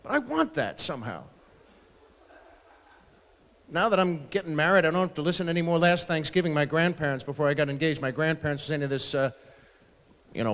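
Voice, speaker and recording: A stand-up comic with a slightly high voice performs at a fundraiser in a large ballroom, acting out his family members in rapid asides as he spins his stories. Long hall reverb fills the recording.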